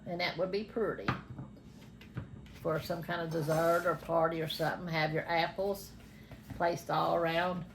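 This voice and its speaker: A woman's voice: on the low side, steady tone, moderate pace, pauses often, noisy background. An older woman, a grandmother, chatting homespun through a cooking demonstration in a home kitchen. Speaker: grandmother showing a recipe.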